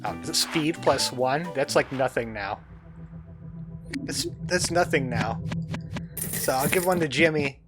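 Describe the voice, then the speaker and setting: A man's voice: medium pitch, animated, measured pace, long pauses. A man casually commentating a video game he is playing, chatty and jokey, often reading the game's text aloud. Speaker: let's play host. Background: game music.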